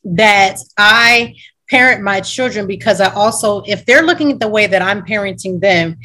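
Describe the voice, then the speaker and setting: A woman's voice: mid-range voice, moderate pace, sharp tone, poor audio. A woman hosting a conversation, speaking in an earnest, reflective way. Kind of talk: conversational interview.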